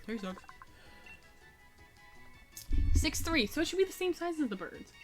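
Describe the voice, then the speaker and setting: A woman's voice: high voice, big pitch swings, quick pace, music in the background. A young woman streaming a video game, chatting in a playful, goofy, joking way. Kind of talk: casual gameplay chat.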